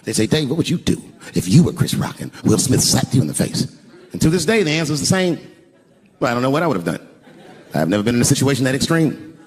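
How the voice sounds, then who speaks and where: The live arena recording captures crowd noise and audience laughter as an older man tells a profane stand-up story through a handheld mic. His medium-pitched voice is very animated and fast, and he performs the voices of the people involved.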